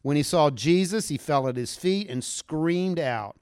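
A man preaching a sermon, retelling a scripture story with animated delivery and acting out the voices of the people in it. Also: on the high side, a little slow, hardly any pauses, clear, resonant tone, dry recording, studio quality. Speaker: pastor.

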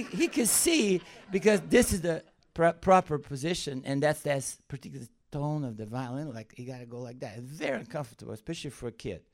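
A man with a somewhat high voice tells a story from the pulpit in lively. He laughs often, jumps up in pitch when he gets worked up, and settles lower as he draws the lesson. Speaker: preacher telling a personal story. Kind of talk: anecdotal sermon.

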